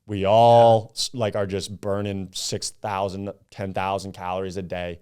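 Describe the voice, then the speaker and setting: A young man from Upstate New York, a podcast guest, chatting casually and acting out his stories with animated quotes and some swearing. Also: low voice, unhurried, clear, resonant tone. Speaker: podcast guest, club founder.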